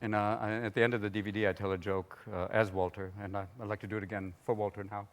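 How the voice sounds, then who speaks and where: A man's voice: lowish voice, flat delivery, quick pace. A middle-aged man, a comedian guest on a talk show, talking in a manic way and jumping into silly voices. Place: television studio with audience. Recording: noisy studio with audience laughter.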